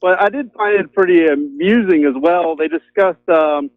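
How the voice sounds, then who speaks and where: A male caller talks in a fairly high voice over a tinny, narrow phone line. He rambles loosely and fills his speech with ums and you-knows. The sound is dry and close. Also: moderate pace, no echo. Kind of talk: casual call-in chat. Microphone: telephone.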